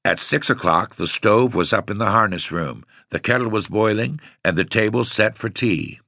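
A man narrating an audiobook story with expressive delivery. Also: on the low side, moderate pace, creaky, no room sound, studio quality.

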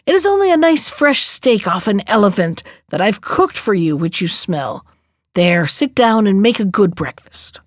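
A woman voicing a bossy, overworked giantess who talks in loud, commanding tones. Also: medium pitch, big pitch swings, moderate pace, no room sound, clean studio sound, close to an everyday voice. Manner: loud, commanding, mock-sweet.

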